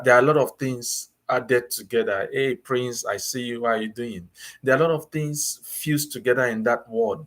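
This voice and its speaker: A man giving casual advice in a relaxed talk, often repeating and rephrasing himself and acting out small everyday exchanges. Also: lowish voice. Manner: conversational, repeats and rephrases, acts out little dialogues. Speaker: advice vlogger on student visas.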